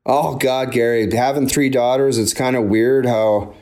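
A man's voice: mid-range voice, steady tone, a little slow, darkish tone. A man in his forties, a former pro hockey player, talking candidly and at length in an interview, often repeating himself. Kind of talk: emotional interview conversation.

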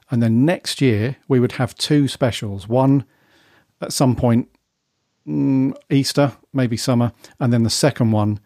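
Chatty man with a mellow voice. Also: mid-range voice, no echo, studio quality. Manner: chatty, rambling, asks his co-host's view. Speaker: podcast co-host. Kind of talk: casual fan podcast chat.

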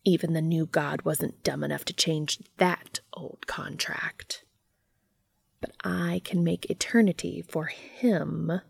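A sinister, petulant entity taunts in a hushed sing-song half-whisper, dragging its words out slowly, as a woman reading a fan fiction story puts it on. The voice sits low with a gravelly fry. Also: fairly even intonation, no room sound, full character voice. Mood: menacing. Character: mocking shape-shifting entity, sinister, petulant. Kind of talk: fan fiction read aloud.

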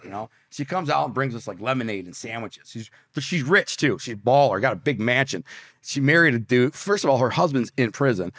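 A man from Detroit, a podcast guest telling a story in an animated, profane way, acting out voices and sound effects. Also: medium pitch, no room sound, studio quality. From Detroit, USA.

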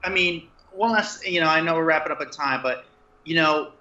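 A man interviewing a guest, a journalist, asking long rambling questions with halting restarts. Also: a little high, bright, forceful tone. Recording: roomy, dull lo-fi sound.

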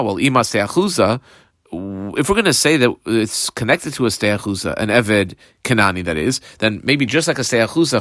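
A man leads a daily-page Talmud lesson step by step, reading terms aloud, translating them, and naming punctuation marks as he mixes Hebrew and Aramaic. His voice is on the low side and a bit bright, in a clean, dry studio recording.

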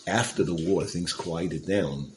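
A man's voice: low-pitched, takes it slowly, background noise. A man telling a religious story and drawing a lesson from it, in a casual, conversational way with fillers and restarts. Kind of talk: storytelling Torah talk.

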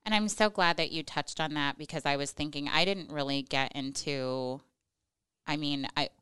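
A woman hosts an interview in an affirming, reflective manner. Her voice is strikingly low, with a very smooth, resonant tone, and it sounds dry and close. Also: normal speed, fairly bright tone, no echo. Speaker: interview host. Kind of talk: interview conversation.

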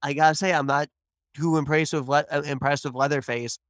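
A man from the northern United States co-hosting a casual movie review podcast, blunt and animated, swearing casually. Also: a little high, a little fast, no echo, clean studio sound. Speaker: podcast co-host.

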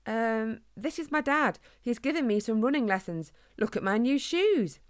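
A woman's voice: a little high, animated, moderate pace, voice pushed up, lightly acted. A woman voicing an eager, impatient young male hedgehog in a storybook reading, raising her voice to sound childlike. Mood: excited.

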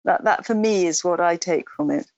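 Give me a reflective woman author with a lowish voice and a dry sound. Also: normal speed, darkish tone, no echo, dull audio. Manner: reflective, with many restarts. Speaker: author guest. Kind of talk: interview answers.

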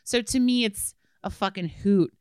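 A woman's voice: medium pitch, normal speed, clean tone, no echo. A woman co-hosting a podcast, chatting casually, reading out listener letters, laughing often and swearing freely. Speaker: podcast co-host.

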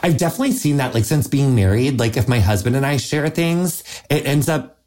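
A woman's voice: very deep voice, lively intonation, a little fast, a little mellow. Gushing, chatty woman host. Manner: gushing, chatty, heavy use of "like", swears. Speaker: podcast host. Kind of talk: casual interview chat.

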